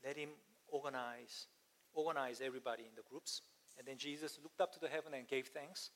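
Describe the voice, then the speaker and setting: Pastor preaching in a big echoing hall. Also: male voice, mid-range voice, fairly even intonation, fairly quick, fairly bright tone. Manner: storytelling, acts out voices, asks the congregation questions. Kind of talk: sermon.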